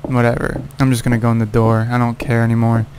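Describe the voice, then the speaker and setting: A man's voice: medium pitch, monotone, quick pace, slight background noise. A man giving casual gameplay commentary, cursing and scolding the game character. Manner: profane, exasperated, yelling at the game character. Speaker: let's play gamer.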